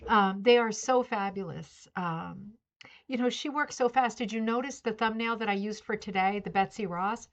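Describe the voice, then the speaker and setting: A woman's voice: mid-range voice, normal speed. A middle-aged woman hosting a casual craft club livestream, greeting viewers by name and chatting in a friendly, rambling way. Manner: chatty, greets viewers by name, coos baby talk to her dog. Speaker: livestream host of a rug hooking club. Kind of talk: casual chat. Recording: slightly dull lo-fi livestream audio.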